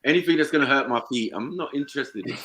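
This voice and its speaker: A man's voice: mid-range voice, rapid-fire, very noisy. A man, chatting casually on a live panel, slangy and often checking "you know what I mean". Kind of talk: casual chat.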